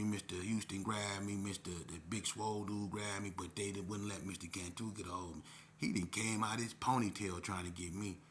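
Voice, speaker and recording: A man telling a personal story in a casual, animated way, with lots of profanity. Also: fairly low pitch, a little hiss or hum.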